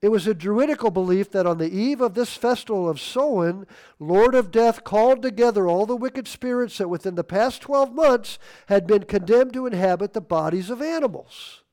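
A man preaching a sermon, emphatic, swinging between loud stressed words and quiet asides. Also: sits high, lively intonation, normal speed.

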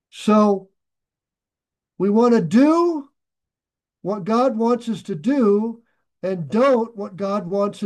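An older male pastor preaching in a high, lively voice. He talks folksy and plain, dropping jokes between scripture readings and swelling suddenly louder on key points. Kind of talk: sermon.

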